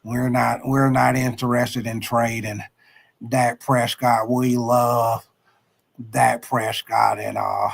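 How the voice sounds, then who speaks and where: A slow, folksy older team owner, as a sports-stream host puts him on, dropping his voice low and dragging out every phrase. He stalls with long "uh" pauses and sounds relaxed yet evasive. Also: vocal fry. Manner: slow drawling delivery full of "uh" pauses. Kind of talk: comic impression on a live sports stream.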